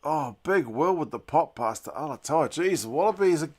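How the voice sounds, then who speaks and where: A man hosting a live rugby watch-along, giving chatty play-by-play that bursts into loud, excited shouts and mild swearing. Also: on the high side, moderate pace. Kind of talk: live sports reaction commentary.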